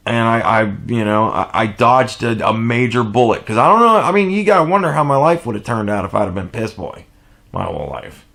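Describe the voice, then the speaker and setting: A man in his late thirties rambling through a profane story in a casual vlog, laughing often and swinging between low mumbles and loud outbursts. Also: vocal fry. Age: 30s. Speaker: vlogger.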